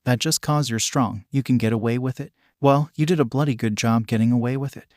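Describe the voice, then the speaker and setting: A man's voice: medium pitch, a little fast, a little mellow, no echo, studio quality, close to an everyday voice. A man voicing a furious teenage boy hero taking revenge, taunting and sarcastic.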